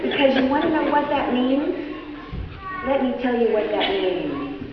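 A woman leading a children's sermon in church, coaxing and gentle as she talks to small children. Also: a little high, sing-song, measured pace. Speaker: children's message leader at church. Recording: echoey hall, distant mic, noisy and dull.

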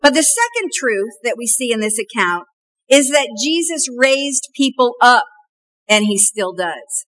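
High-voiced woman preaching a slow sermon. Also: sing-song, fairly bright tone, rough recording. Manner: slow emphatic refrains, storytelling. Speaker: pastor.

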